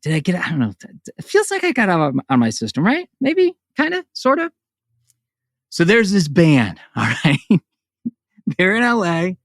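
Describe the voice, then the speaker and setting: A man's voice: a little high, huge pitch swings, moderate pace, dry recording, studio quality. A man hosting his own podcast, ranting in a sarcastic, profane monologue that jumps between jokes and voices. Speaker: podcast host.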